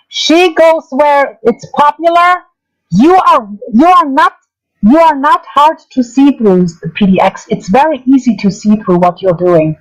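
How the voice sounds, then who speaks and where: A woman's voice: high voice, poor audio. A woman, hosting a livestream of drama commentary and ranting angrily with a lot of swearing and repetition. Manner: angry, profane, repetitive ranting. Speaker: streamer.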